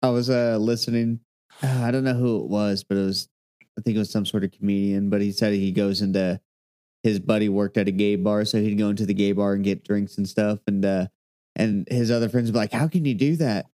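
A man with a low, mellow voice co-hosts a casual podcast. He reads items out hesitantly, with plenty of ums and uhs, and chats in a relaxed way. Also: brisk. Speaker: podcast co-host. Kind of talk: casual chat, reading out items.

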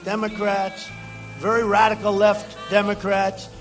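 A man with a high-set voice addresses a campaign rally in a loose, rambling way. He circles back on the same phrases and shouts lines out to the crowd. Faint music plays underneath. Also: completely flat delivery, measured pace. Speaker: president speaking at a campaign rally.

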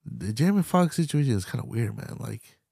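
Brief: young male podcast host, gravelly low voice, loose profane rambling, dry close sound. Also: very animated, a little fast, a little mellow, no echo. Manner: loose, swearing, slangy rambling with laughs. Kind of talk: casual solo commentary.

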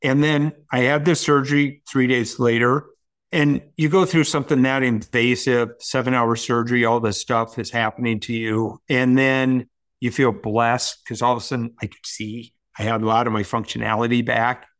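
An earnest man recounting a hard personal experience as a guest on a talk show. His voice sits at an ordinary middle pitch, and he speaks in a heartfelt, storytelling way. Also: fairly even intonation, normal speed, fairly bright tone.

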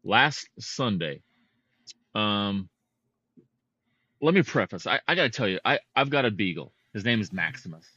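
Man, podcast co-host, casual storytelling, lowish pitch, muffled lo-fi sound. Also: a little slow, pauses often, no echo. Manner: animated, heated storyteller.

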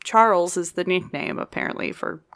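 A woman's voice: on the low side, lively intonation, moderate pace, creaky, fairly bright tone. A woman co-hosting a podcast in casual chat, playful and laughing often as she quizzes her partner and reads from her notes.

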